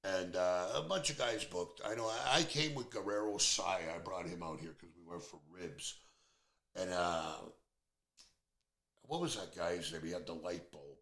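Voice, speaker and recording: Gravelly, outspoken man in his 50s. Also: sits low, unhurried, fairly bright tone. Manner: blunt, outspoken, opinionated. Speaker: podcast host. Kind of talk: casual podcast chat. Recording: roomy echo.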